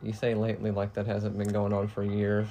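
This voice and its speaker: A woman playing a horror game on stream, chatting casually, swearing freely and letting out loud outbursts. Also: extremely low pitch, completely flat delivery, brisk, slight background noise. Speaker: let's play host on the controller. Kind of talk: casual gameplay chat.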